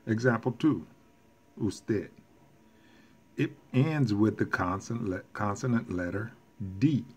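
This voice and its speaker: A man teaching a recorded language lesson, explaining rules deliberately with casual asides and self-corrections. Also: on the low side, animated, a little mellow, slightly rough. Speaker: Spanish teacher.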